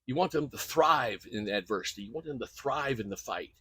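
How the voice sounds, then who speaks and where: A man's voice: mid-range voice, animated, brisk, sharp tone, slightly rough, dry recording. An older man, a coach, telling stories in an earnest, emphatic way during an interview. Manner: earnest, emphatic storytelling with repeated phrases. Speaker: guest coach. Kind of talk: conversational interview.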